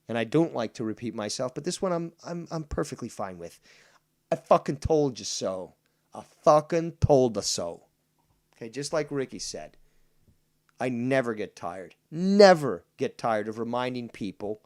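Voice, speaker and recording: A man rants at his stream audience in a medium-pitched, fiery, profanity-laced voice. He stacks repetitions and drags out his key phrases slowly for weight, sounding righteous and unrelenting. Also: sing-song, a little mellow. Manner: indignant, swears heavily, repeats for emphasis; slows down to stress key lines. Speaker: livestream host reading viewer comments. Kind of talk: profane ranting monologue.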